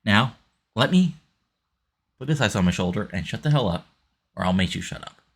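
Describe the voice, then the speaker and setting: A man voicing an irritated, gruff veteran male wrestler threatening a younger rival. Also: on the low side, animated, normal speed. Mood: annoyed.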